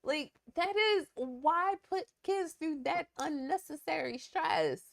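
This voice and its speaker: A woman co-hosts a relationship talk show. Her voice sits a little high, and she talks in a heated, emphatic way that climbs when she is indignant. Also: takes it slowly, vocal fry. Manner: emphatic, indignant, rising pitch when outraged. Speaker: podcast co-host. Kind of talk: casual opinion chat.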